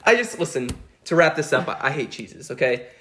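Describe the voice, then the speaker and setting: A young man co-hosting a podcast, telling a story in a lively, animated way as casual chat. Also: mid-range voice, a little fast, slight background noise. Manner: animated storyteller, keeps adding "okay?". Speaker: podcast co-host.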